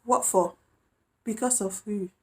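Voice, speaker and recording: Woman, casual storytime vlogger, animated, slips into other people's voices. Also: mid-range voice, a little slow. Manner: animated, acts out quoted voices.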